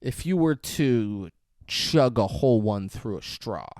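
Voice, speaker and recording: A man's voice: on the low side, lively intonation, takes it slowly, a little mellow, no room sound, clean studio sound. A man co-hosting a casual movie review podcast, teasing his co-host and jumping in to act out lines from the scene.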